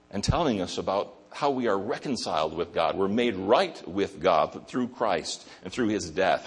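A man's voice: lowish voice, husky. A male pastor preaching a sermon in an emphatic way, repeating key phrases.

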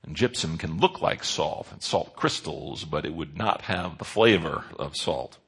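A man's voice: a bass voice, animated, unhurried, creaky, fairly bright tone, breathy edge. A man preaching a sermon in an earnest way, stressing key words with rises and drops. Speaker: pastor.

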